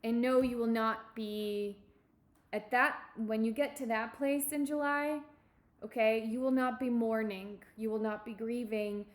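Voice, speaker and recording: A woman giving a tarot reading, speaking in a halting, reassuring way and often repeating her words. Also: on the high side, fairly even intonation. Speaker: tarot reader.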